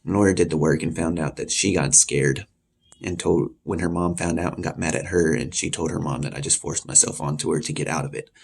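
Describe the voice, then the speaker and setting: Gravelly low-voiced man telling a story. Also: fairly quick. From Texas. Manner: animated, acts out the voices in his story. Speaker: vlogger. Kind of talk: casual storytelling.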